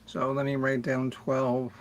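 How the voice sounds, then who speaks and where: Slow-talking man hosting a music livestream. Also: mid-range voice, monotone, a little hiss or hum. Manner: slow, rambling, greets chatters by name. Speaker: livestream music show host. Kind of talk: casual livestream chat with viewers.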